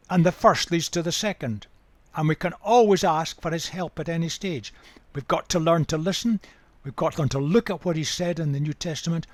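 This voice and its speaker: An older man giving a Bible study talk, measured and emphatic, repeating key words for weight. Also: fairly high pitch, no echo. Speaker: Bible teacher.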